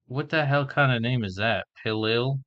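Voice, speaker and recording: A man vlogging casually as he learns a language, slowly sounding out and spelling words and thinking aloud. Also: medium pitch, fairly bright tone, muffled recording.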